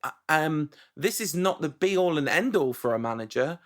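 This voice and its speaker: A man co-hosting a football podcast, talking in an animated, rambling way and often correcting himself. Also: fairly high pitch, normal speed. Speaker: podcast co-host. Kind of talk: casual football chat.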